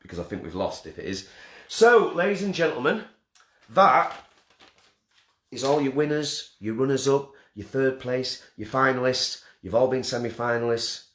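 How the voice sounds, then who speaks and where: A man's voice: medium pitch, normal speed, hardly any pauses. A man hosting a festival live stream from his front room, joking and self-deprecating as he rambles through the winners. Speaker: festival host announcing winners. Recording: roomy front-room echo.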